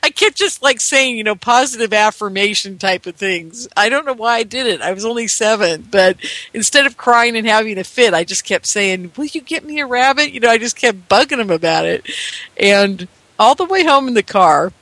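A man, telling a long personal story in a rambling, animated way. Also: high voice, moderate pace, no echo. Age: 50s. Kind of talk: storytelling monologue.

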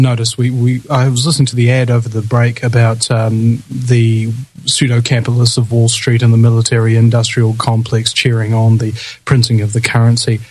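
A man's voice: mid-range voice, a little mellow, husky, poor audio. Male radio host, New Zealand accent, mid-range voice, announcer-style talk with a dramatic touch. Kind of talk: live talk radio chat.

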